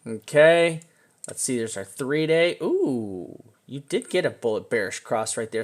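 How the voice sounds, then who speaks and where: Excitable man walking through charts. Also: medium pitch. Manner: excitable, chatty, talks to the chart, drops casual swears. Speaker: crypto chart analyst. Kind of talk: casual screen-share chart walkthrough.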